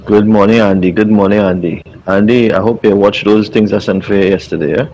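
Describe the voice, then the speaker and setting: A man's voice: on the low side, steady tone, a little fast, darkish tone. A man leaving a casual, dismissive voice note for a talk show. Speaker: caller. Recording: dull lo-fi phone voice note.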